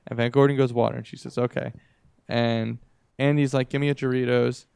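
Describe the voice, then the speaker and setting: A young man co-hosting a casual podcast, rambling through stories and doing the other people's lines himself. His voice is smooth and carries a gravelly fry. The sound is dry and close to the mic. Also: mid-range voice, flat delivery, brisk, darkish tone, dry recording. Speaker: podcast co-host. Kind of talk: casual chat.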